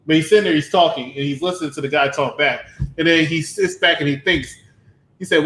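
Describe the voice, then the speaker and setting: A man's voice: a little high, a little fast, a bit bright, roomy sound, rough recording. A man hosting a casual movie review show, rambling through anecdotes and announcing segments with a chuckle. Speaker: podcast host.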